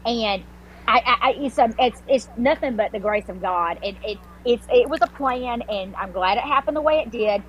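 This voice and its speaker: Podcast guest: woman, highish voice, animated, salty storyteller. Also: moderate pace, poor audio. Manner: animated, swearing, many restarts and filler words. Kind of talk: casual storytelling.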